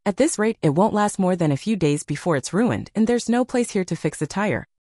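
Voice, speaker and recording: A woman's voice: medium pitch, expressive, a little fast, dark tone, no echo, clean studio sound, natural voice. A woman voicing a brash, teasing young man surviving the apocalypse in an audiobook. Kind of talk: audiobook character voice.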